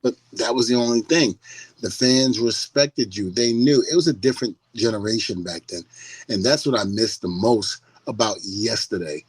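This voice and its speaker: A man's voice: fairly low pitch, moderate pace, a little mellow, slightly rough, dry recording, low-quality recording. A middle-aged man on a podcast, talking casually and animatedly, laughing and mimicking people as he tells stories. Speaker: podcast guest.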